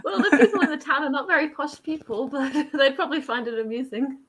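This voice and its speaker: Australian actress guest, young woman, bubbly, laughs mid-sentence, pitched fairly high. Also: fast talker, a bit bright. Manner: bubbly, laughs through her words. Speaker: theatre actor guest. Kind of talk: casual chat.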